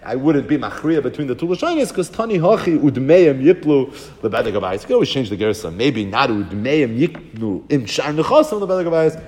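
A man giving a Talmud lesson, explaining quickly and weaving Hebrew and Aramaic terms into his English. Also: medium pitch, a little mellow, in a large hall. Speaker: Talmud teacher. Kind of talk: Talmud lecture.

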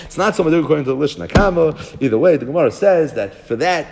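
Fast, lively man teaching Talmud. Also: a little high, long reverb tail, background noise. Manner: quick, sing-song explaining that mixes Hebrew and Aramaic terms into English. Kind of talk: Talmud lecture.

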